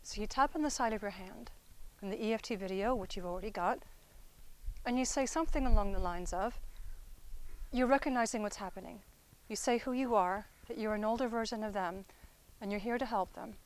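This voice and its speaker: A woman therapist walks her audience through inner-child healing. Her pitch sits at an ordinary middle height, and her delivery stays conversational with frequent check-ins. She often drops into a soft, gentle register. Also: fairly quick, rough recording. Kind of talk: instructional talk.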